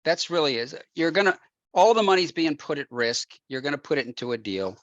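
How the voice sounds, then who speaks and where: A man, a real estate investor as guest, telling an animated anecdote with frequent laughs and acted-out quotes. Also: a little high, brisk, dry recording, highs cut off. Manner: laughs often, acts out quotes.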